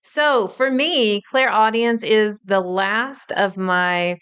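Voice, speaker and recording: A woman's voice: medium pitch, slow, fairly bright tone, clear, resonant tone. A woman in her thirties hosting a solo podcast, explaining things in an upbeat way. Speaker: podcast host.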